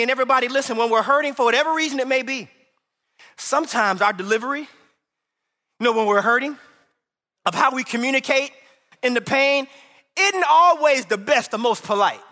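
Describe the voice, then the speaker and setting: Impassioned male pastor, high bright voice, preaching in a reverberant church hall. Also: normal speed, pauses often. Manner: impassioned, rising to shouts when voicing cries to God. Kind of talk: sermon.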